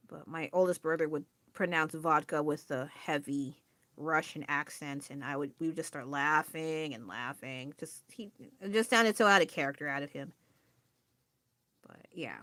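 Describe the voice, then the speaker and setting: A woman's voice: deep voice, dry recording. A woman chatting casually on a drawing livestream, rambling and restarting her sentences and laughing often. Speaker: art streamer.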